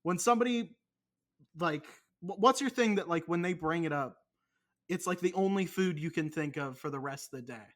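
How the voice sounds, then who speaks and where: In a fairly bright voice on the high side, a young man speaks at normal speed while co-hosting a casual podcast. He rambles, curses and keeps turning jokes on himself.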